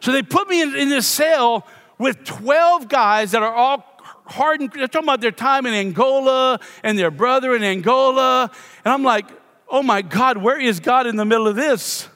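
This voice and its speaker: A man's voice: extremely high pitch, moderate pace, pushed and bright. A middle-aged man from Louisiana, a pastor preaching a sermon with a self-deprecating, playful personal story. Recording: long reverb of a church hall.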